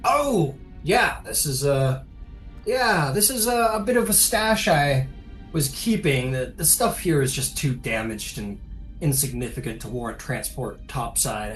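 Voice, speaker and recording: A game master voicing a big, easygoing male goliath who explains himself in a relaxed, rambling way. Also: medium pitch, lightly acted.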